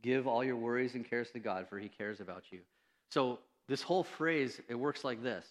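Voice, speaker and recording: A man's voice: medium pitch, normal speed. A man preaching a sermon as pastor, in a conversational way, joking at his own expense and acting out the lines of the people in his story. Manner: conversational, self-deprecating, with fillers and acted-out quotes. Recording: preached in a reverberant church hall.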